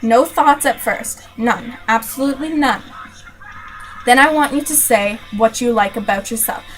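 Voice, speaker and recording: A woman's voice: a little high, unhurried, faint music behind, poor audio. A young woman in her teens vlogging an earnest, emphatic motivational rant, repeating key points for emphasis.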